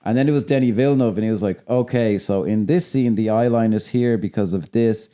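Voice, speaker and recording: A man co-hosts a film podcast in a warm, mellow voice. He rambles, cuts himself off and restarts, and slips into mock voices when he quotes people. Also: fairly low pitch, fairly quick, smooth. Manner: rambling, self-interrupting, laughs at own jokes; puts on voices when quoting others. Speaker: podcast co-host. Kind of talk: casual film review chat.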